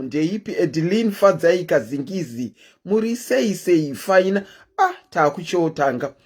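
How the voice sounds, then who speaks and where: A woman's voice: sits low, dark tone, slightly rough. A Zimbabwean woman hosting a casual live stream, chatting and greeting her viewers one by one.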